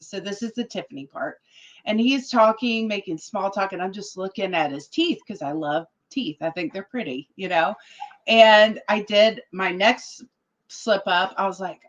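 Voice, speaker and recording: A woman guest telling a story in a casual interview, animated and quoting others as she goes. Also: medium pitch, normal speed, muffled recording. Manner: animated, quotes other people in their voices. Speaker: political guest.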